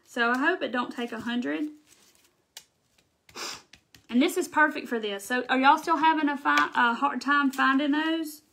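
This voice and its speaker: A woman's voice: high voice, a little slow, gravelly, pauses often, pushed and bright, a little hiss or hum. A middle-aged woman with a thick Southern accent, chatting casually on a craft livestream and answering viewers' comments as she works. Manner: chatty, reads out and thanks viewers' comments while working. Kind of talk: casual live crafting chat.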